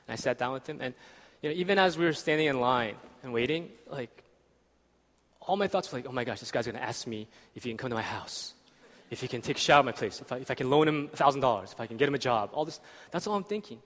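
A man's voice: mid-range voice, lively intonation, fast, a bit bright. A young man preaching a sermon in a church, casual and conversational, often asking "right?". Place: church hall. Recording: reverberant church hall.

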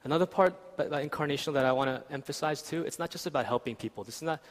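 A man's voice: fairly high pitch, rapid-fire. Conversational man preaching in a hall. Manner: conversational, asks "right?" often. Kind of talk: sermon. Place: church hall. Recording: reverberant church hall.

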